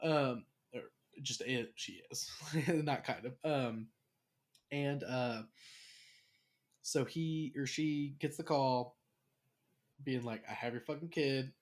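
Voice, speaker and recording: A man's voice: medium pitch, slow, long pauses. A young man hosting a casual chat, retelling a show's plot in a rambling, profane way and acting out the characters' lines. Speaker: podcast host.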